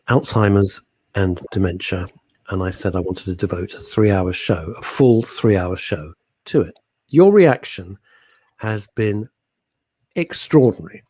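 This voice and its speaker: A man hosting a radio talk show, chatting theatrically with mock outrage and quiet asides. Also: on the low side, slightly rough, no echo. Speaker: radio host. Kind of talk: casual radio banter. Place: radio studio. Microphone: studio microphone.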